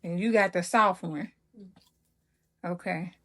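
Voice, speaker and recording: A woman's voice: lowish voice, slow. Southern lady from mississippi doing her cooking vlog, chatty and laughing a lot, talks to y'all. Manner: chatty, laughs often, addresses viewers as y'all. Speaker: cooking channel host. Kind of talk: casual chat.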